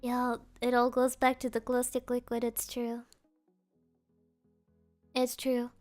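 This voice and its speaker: A woman's voice: a little high, completely flat delivery, slow, darkish tone. A woman streamer whose first language is German, chatting casually in a giggly, rambling, self-mocking way over faint music.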